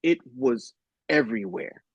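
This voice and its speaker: A man co-hosting a podcast, calmly retelling something in casual group chat. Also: fairly high pitch, measured pace, gravelly, slightly rough, no room sound. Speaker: podcast co-host. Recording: dull lo-fi dry recording.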